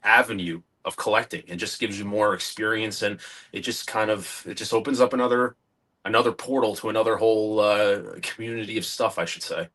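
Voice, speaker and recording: A man's voice: lowish voice, a little fast. Chatty man telling collecting stories. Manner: animated storytelling, acts out quoted dialogue. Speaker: guest collector. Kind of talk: casual interview chat.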